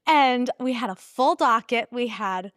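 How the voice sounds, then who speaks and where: A woman guest telling an earnest personal story in a casual interview, laughing often and animated in her retelling. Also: fairly high pitch, unhurried, no room sound, studio quality. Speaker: pregnancy center staff guest.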